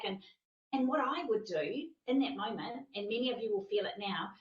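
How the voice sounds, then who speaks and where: A woman's voice: medium pitch, animated, fairly quick, roomy sound, far from the mic, lo-fi sound. A woman coach teaching a masterclass, talking emphatically and repeating phrases for stress.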